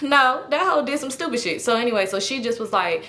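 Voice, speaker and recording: A young woman vlogger with a bright, sharp voice sitting somewhat high in her range. She tells a personal story in a lively, profane way, speaking directly to her audience. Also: a little fast. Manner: animated, profane, talks straight to viewers. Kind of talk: casual storytelling.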